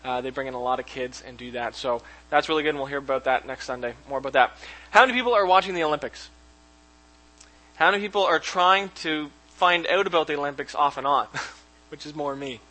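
A man gives a relaxed, talky sermon from the front of a church, and his voice sits a little high for a man. His tone is bright and pointed. He keeps it casual and informal, with easy chuckles and restarts as he goes. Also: a little fast, low-quality recording. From Canada. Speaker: pastor. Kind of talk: conversational sermon. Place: church sanctuary.

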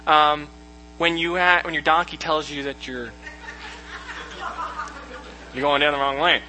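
Man, bible lesson storyteller, bright tone, animated and jokey, faint hum behind. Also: on the high side, unhurried, poor audio. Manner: animated, jokey, acts out characters' lines. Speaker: Bible study teacher.

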